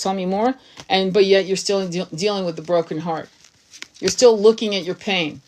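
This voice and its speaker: A woman's voice: medium pitch, slight background noise. Blunt swearing woman reading tarot. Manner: blunt, swears freely, talks to the viewer directly. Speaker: tarot reader. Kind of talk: casual tarot reading monologue.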